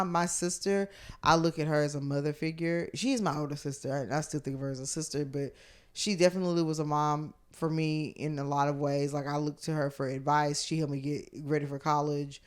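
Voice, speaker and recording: A woman comedian as a podcast guest, telling stories in casual chat, acting out quotes and swinging from hushed to loud, with lots of fillers. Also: deep voice. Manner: animated storyteller who acts out quotes with big swings from hushed to loud; filler-heavy speech with many likes and restarts.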